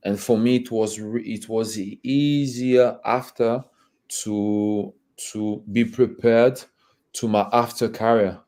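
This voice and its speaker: A man guest in a candid conversational interview, with a low, mellow voice. He talks haltingly, repeats words as he searches for them, and laughs between phrases. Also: fairly even intonation. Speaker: interview guest, former footballer.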